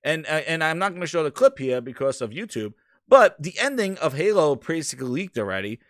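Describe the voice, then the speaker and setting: Excitable, lively-voiced stream host. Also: male voice, on the high side, a little fast, no room sound, studio quality. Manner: rambling, excitable, swears casually. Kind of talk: casual live-stream chat.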